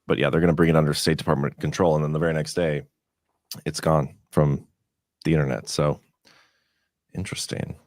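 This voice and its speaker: A man co-hosting a casual livestream, chatting in a relaxed way and adding news tidbits. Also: very deep voice, a little fast, long pauses, no echo, studio quality. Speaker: co-host.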